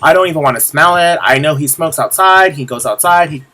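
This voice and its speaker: A man's voice: a little high, fairly quick, pushed and bright. A young man talking candidly to camera in a casual confessional vlog, rambling with lots of fillers and restarts and the odd swear word. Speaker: vlogger.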